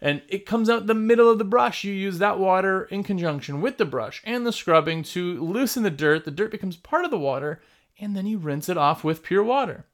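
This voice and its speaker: A man's voice: sits high, lively intonation, fairly quick. A man hosting a casual video about his trade, talking bluntly and emphatically, often repeating himself. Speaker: window cleaning business owner and video host. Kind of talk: casual vlog talk.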